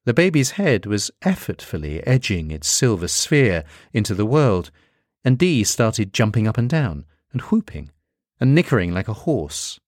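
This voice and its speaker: A man reading a literary story aloud in slow, measured scripted narration. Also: lowish voice, very animated, darkish tone, dry recording, clean studio sound.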